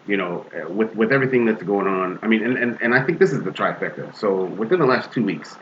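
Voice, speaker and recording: A man co-hosting a podcast, talking earnestly in a halting way with many restarts. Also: lowish voice, lively intonation, fairly bright tone. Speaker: podcast co-host. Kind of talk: casual podcast discussion. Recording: dull lo-fi audio with faint hiss.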